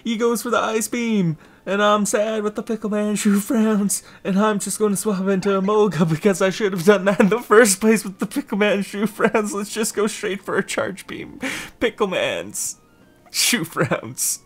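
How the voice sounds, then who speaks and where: Over a game, a man with a high-sitting voice gives rambling let's-play commentary at a normal speed. He giggles a lot and keeps repeating a silly catchphrase.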